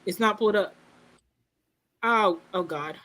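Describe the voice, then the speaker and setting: A woman hosting a casual livestream, telling a story in an animated, laughing way and acting out what people said. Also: medium pitch, measured pace. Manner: animated, laughing storyteller who acts out quotes. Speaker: livestream host.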